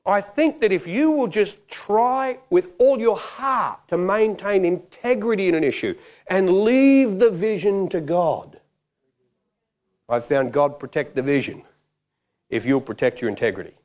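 Male preacher, middle-aged, animated storyteller, voice rises and falls a lot. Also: sits high, measured pace. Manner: animated, acts out quoted voices. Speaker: pastor. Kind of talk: sermon with storytelling.

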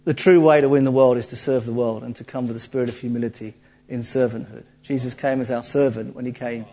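A man preaching a sermon in a lively, conversational way, joking with his listeners. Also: medium pitch, fast talker. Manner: lively, jokey, conversational, acts out quotes.

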